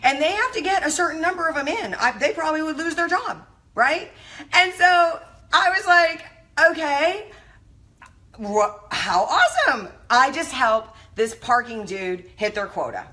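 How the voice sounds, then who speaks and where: A middle-aged woman giving a casual motivational talk on a live stream, animated and effusive, greeting her viewers by name. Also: sits high, normal speed.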